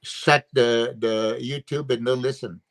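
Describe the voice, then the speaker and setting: Unhurried and fairly even in intonation, this man's mid-range voice belongs to a bodybuilding coach and guest analyst who grew up speaking Serbian. He airs his views as a guest coach on a casual video-call podcast, emphatic and heavy on fillers.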